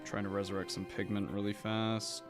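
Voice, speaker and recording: A man's voice: on the low side, flat delivery, moderate pace, over music. A man streaming his miniature painting, chatting casually and rambling about paints with a loose, sweary way of talking. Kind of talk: casual hobby chat while painting.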